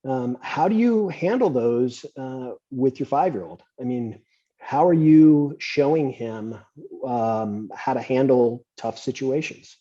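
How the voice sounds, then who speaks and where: Podcast host guy, husky and kinda muffled, laid back storytelling. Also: medium pitch, slow. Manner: relaxed, anecdotal, gives advice. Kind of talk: conversational interview, storytelling. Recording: slightly muffled lo-fi audio.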